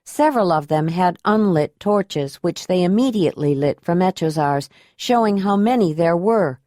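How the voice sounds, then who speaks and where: Low-voiced woman reading an audiobook, even and unhurried, dry sound. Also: dry recording. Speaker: audiobook narrator. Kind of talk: scripted audiobook narration.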